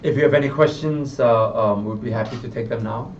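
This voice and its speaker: A man's voice: medium pitch, brisk. A Singaporean man reads a candidate's profile aloud at a press conference in a party office. He is recorded from a distance, so his voice is muffled and set against faint background hum. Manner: reads a prepared biography, then speaks off the cuff with restarts. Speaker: party spokesman. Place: party office, room with reporters. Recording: muffled sound from a distant mic.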